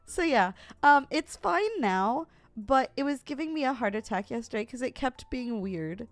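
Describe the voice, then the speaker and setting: A woman's voice: fairly high pitch, measured pace, few pauses, no echo, faint music behind. A young woman streamer chatting casually and animatedly with her viewers, laughing often. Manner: giggly, animated, talks straight to chat. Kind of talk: casual livestream chat with viewers.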